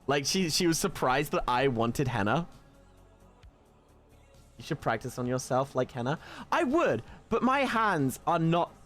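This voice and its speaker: A man from the south of England with a southern English accent, chatting casually with his live audience. He stammers into restarts and jumps into high excited squeals. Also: measured pace, soft background music. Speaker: livestreamer. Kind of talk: casual chat reading live comments.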